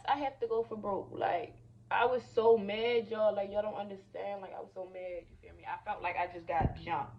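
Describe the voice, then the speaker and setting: A young woman vlogger telling a storytime while doing her makeup, animated and chatty, often saying "y'all" and "you feel me". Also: mid-range voice, highs cut off, a little hiss or hum.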